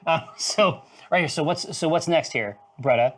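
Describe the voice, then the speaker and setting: A man co-hosting a live brewing stream in loose, joking chat, who swears and now and then sings softly to the brew. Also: a little high, normal speed.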